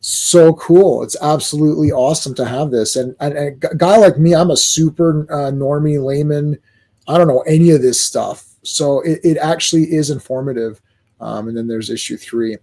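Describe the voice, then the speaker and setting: A man giving a casual, excitable comic book review, acting out the characters' lines. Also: a little high, normal speed. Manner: excitable, animated, acts out quotes.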